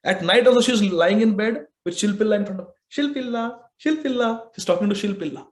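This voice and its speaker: A man with an Indian English accent, a spiritual teacher telling a scripture story in an animated way, dropping Hindi phrases. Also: high-pitched, fast talker.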